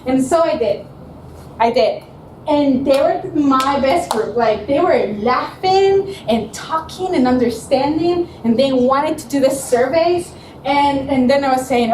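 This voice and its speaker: A woman's voice: high-pitched, unhurried, background noise. A woman student giving a presentation at a showcase, telling stories with animation, often laughing and acting out what people said. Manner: animated storyteller, laughs often, acts out quotes. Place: presentation room. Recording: echoey room, mic from far off.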